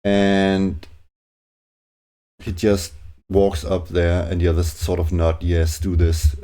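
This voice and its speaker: Deep, slow-talking man narrating a solo game. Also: warm tone. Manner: hesitant, with many fillers and restarts; chuckles to himself. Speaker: solo tabletop game player.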